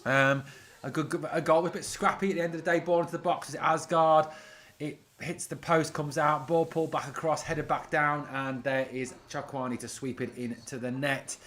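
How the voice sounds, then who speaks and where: Chatty fan calling a live match. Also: male voice, fairly high pitch, moderate pace. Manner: chatty, reads out viewer comments, excitable on attacks. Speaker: fan watch-along host. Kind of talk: casual live match commentary.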